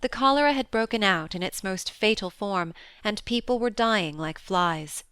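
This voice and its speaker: A woman narrating an audiobook of a classic novel in a measured, even storytelling manner. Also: fairly low pitch, clear, resonant tone, dry recording. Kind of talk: scripted narration.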